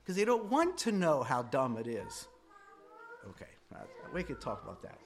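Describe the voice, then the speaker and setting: A man's voice: medium pitch, huge pitch swings, normal speed. A middle-aged man teaching a faith class in a classroom, talking conversationally and putting questions straight to his students. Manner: conversational, asks students directly, voice rises and drops widely.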